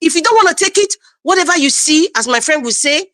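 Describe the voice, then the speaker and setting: A woman's voice: high-pitched, lively intonation, fast, a bit bright. A woman from Nigeria giving passionate political commentary on a live stream, emphatic and repeating lines for stress. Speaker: panel guest.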